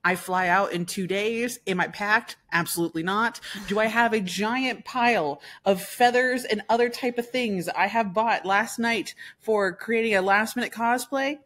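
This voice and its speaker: A bubbly woman co-hosting a chatty podcast. She rambles excitedly and hams it up with a playful, showy put-on voice. Her voice sits at a middle pitch. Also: normal speed, hardly any pauses. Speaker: podcast co-host. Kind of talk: casual chat.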